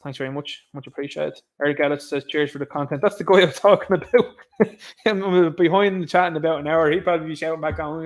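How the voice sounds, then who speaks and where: A young Irish man hosting a casual live stream, reading out chat comments in a chatty, rambling way and laughing often. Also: medium pitch. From Ireland.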